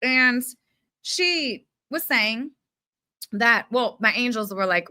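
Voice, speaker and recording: A young woman giving an unfiltered spiritual pep talk in casual slang, emphatic and animated, with mild swearing. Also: fairly high pitch, takes it slowly, dry recording, clean studio sound. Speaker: spiritual self-help speaker. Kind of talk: unfiltered motivational rant.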